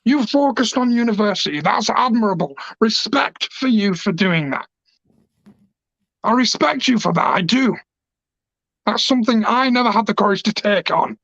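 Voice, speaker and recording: A man's voice: high-pitched, animated, normal speed, creaky, a bit bright, no room sound. A man, a pro wrestler cutting an emotional, passionate, rambling promo. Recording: dull lo-fi dry recording.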